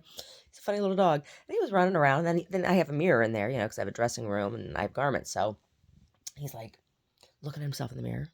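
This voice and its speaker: A woman's voice: deep voice, expressive, fast talker, gravelly. A woman who paints, chatting casually to camera in a rambling way, often repeating herself. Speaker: painter vlogging her day. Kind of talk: casual chat.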